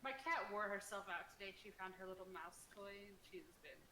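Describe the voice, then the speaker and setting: A woman playing in a casual tabletop game, chatty and quick to laugh. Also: medium pitch, animated, rough recording. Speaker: player. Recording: loud background noise.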